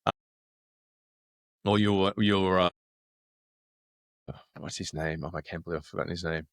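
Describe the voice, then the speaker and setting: Low-voiced Australian man telling stories. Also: a little slow, no echo, studio quality. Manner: animated, acts out quoted dialogue. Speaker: actor guest. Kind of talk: casual storytelling.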